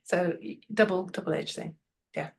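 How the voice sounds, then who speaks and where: A woman's voice: on the low side, a little slow. A woman giving management advice in a conversational way, telling stories and acting out what people said. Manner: lively storyteller, acts out quotes, frequent laughs. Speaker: podcast guest expert on management.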